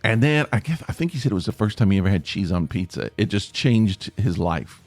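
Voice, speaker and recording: A man's voice: lowish voice, expressive, fairly quick, dry recording, faint music behind. A man from East Tennessee with an East Tennessee accent, hosting a solo podcast in a rambling, self-deprecating way and asking listeners for feedback. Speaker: podcast host.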